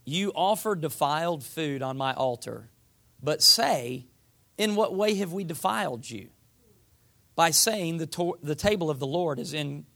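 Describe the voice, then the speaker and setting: Gravelly, folksy preacher man. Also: fairly high pitch, fairly bright tone. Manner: folksy, uses voiced asides for the people. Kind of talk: sermon.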